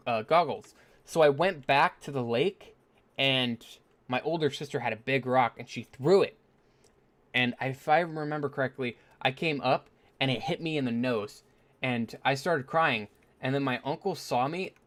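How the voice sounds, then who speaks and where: Male gaming host, mid-pitched, chatty and rambling, casual storytelling with lots of "uh"s. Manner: rambling, full of fillers and self-mocking asides. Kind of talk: casual storytelling while playing.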